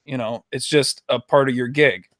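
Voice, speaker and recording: A man's voice: medium pitch, fairly even intonation, normal speed, a bit bright, no room sound, studio quality. A man co-hosting a podcast, talking in a laid-back, casual way. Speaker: podcast co-host. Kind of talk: casual chat.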